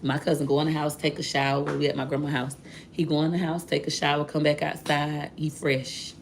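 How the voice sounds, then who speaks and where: A woman with a low, gravelly voice telling her viewers a personal story. She talks candidly and directly to them, in a loose, chatty way. A faint hiss sits under the recording. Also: little pitch movement, brisk. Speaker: vlogger.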